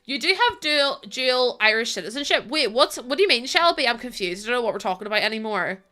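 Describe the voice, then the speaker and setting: A woman's voice: on the high side, animated, fast, pushed and bright, faint music behind. A woman streamer chatting casually with her live chat while gaming, bubbly and giggly, rambling from one thought to the next.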